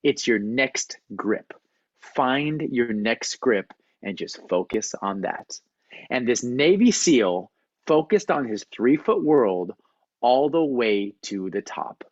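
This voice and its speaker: Animated male coach telling a story. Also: mid-range voice, slightly rough, no room sound, lo-fi sound. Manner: storytelling, animated, acts out quotes. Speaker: performance coach, guest speaker. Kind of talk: motivational talk on a video call. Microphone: video call.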